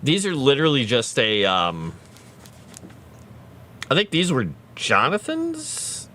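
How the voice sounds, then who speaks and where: Streamer, male, casual rambling chat, lively pitch. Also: slow, a little hiss or hum. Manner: rambling, chatty, reads chat aloud.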